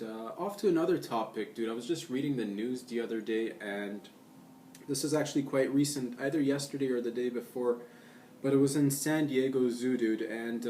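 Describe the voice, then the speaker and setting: A man's voice: medium pitch, dark tone, slight background noise. A young man talking in a casual, rambling monologue, laid-back and loose, tossing in "man" and "dude". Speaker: vlogger. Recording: roomy echo, distant from the mic.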